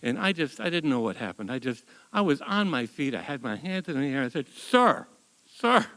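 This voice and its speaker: Animated older man telling a wry story. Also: medium pitch, brisk, in a large hall, rough recording. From United States. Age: 70s. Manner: animated, wry, with frequent word repeats. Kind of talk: live story slam storytelling. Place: stage at a live storytelling event.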